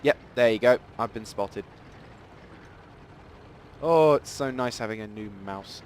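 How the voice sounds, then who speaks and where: A man giving rambling, self-deprecating live commentary over a tank game, with sudden excited outbursts. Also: mid-range voice, unhurried, slight background noise. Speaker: gameplay commentator. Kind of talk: casual live gameplay commentary.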